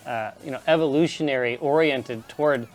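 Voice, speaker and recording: A man's voice: mid-range voice, fairly quick. A man chatting casually while streaming a game, telling rambling stories and laughing often. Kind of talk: casual chat over gameplay. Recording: faint game music behind.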